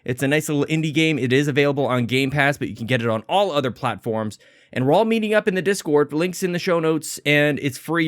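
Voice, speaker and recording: A man's voice: fairly high pitch, fairly bright tone, dry recording, studio quality. A man hosting a podcast, talking in a chatty, rambling, self-deprecating way and sounding a little out of breath. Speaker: podcast host. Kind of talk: energetic casual podcast intro.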